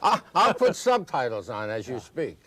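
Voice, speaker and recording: A man hosting a TV interview in a studio, firing off quick probing questions. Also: medium pitch, big pitch swings, bright, forceful tone, no room sound. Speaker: TV interviewer, host.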